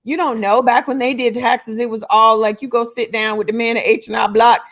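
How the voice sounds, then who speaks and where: A woman's voice: on the high side, steady tone, a little fast, a bit bright. A woman in a casual chat, explaining things plainly and calling her friend honey. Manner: explanatory, calls people honey.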